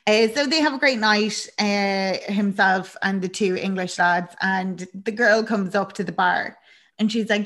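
A woman's voice: medium pitch, unhurried. A young woman chatting casually as a podcast co-host, telling a film's story with lots of laughs and acted-out lines. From Ireland. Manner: chatty and animated, laughing often, acting out characters' lines. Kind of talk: casual chat recapping a film.

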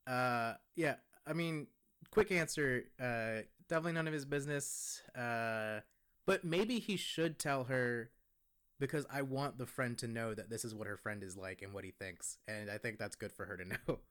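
A man's voice: mid-range voice, moderate pace, fairly bright tone. A young man co-hosting a podcast, talking in an easygoing, rambling way that often trails off. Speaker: podcast co-host. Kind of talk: casual podcast chat.

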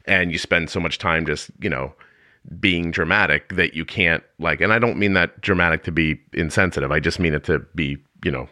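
Man, podcast host, very low voice, dry close sound, earnest questions. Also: a little fast, sharp tone, dry recording. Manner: earnest, searching questions with many restarts. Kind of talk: conversational interview.

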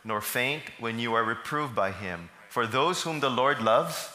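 A man's voice: medium pitch, lively intonation, a little slow, pushed and bright. A man, preaching a sermon and putting questions to the congregation that he answers himself. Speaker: pastor. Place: church service hall. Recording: echoey hall.

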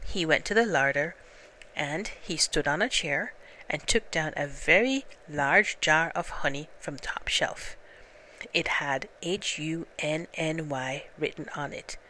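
A woman reading a children's story aloud in a gentle, unhurried way. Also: low-pitched.

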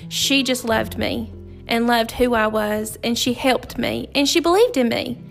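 A woman's voice: a little high, gravelly, soft background music. Earnest woman teacher hosting a podcast. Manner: earnest, halting, with many fillers and restarts. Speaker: podcast host and fourth grade teacher. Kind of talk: heartfelt personal storytelling.

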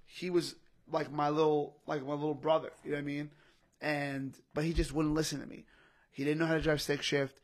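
A young comedian on a podcast tells an emotional personal story in casual chat, repeating himself and saying "bro" and "literally" a lot. His voice is fairly high and level in tone, delivered a little fast.

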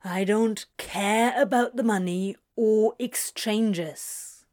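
A woman's voice: medium pitch, slow pace, a little mellow, lightly acted. A woman voicing a harried, snappish man in a story reading, terse and clipped. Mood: curt. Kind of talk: audiobook character voice.

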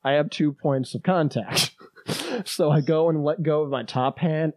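A man's voice: mid-range voice, no room sound. Swearing man telling a travel story. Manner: animated, swears a lot, acts out quotes. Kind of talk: casual storytelling chat.

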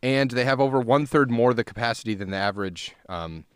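Relaxed man reading beer facts aloud. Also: mid-range voice, fast talker, clear, resonant tone, dry recording, studio quality. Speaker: podcast co-host. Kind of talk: casual chat.

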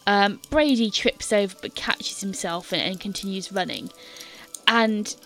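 A woman's voice: medium pitch, measured pace, fairly bright tone, soft background music. A woman game master narrating a tabletop scene in detail, with many fillers and hesitant restarts.

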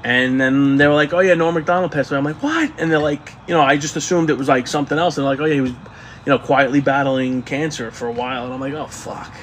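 A man co-hosting a podcast in casual chat, swearing freely and telling stories in an animated way. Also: fairly high pitch, fast talker, slight background noise. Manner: profane, animated storytelling. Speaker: podcast co-host.

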